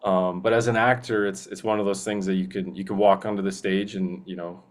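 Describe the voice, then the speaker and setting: A man's voice: low voice, flat delivery, brisk. A young man, a voice actor talking earnestly in a casual interview, rambling with many restarts. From Canada. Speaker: guest voice actor.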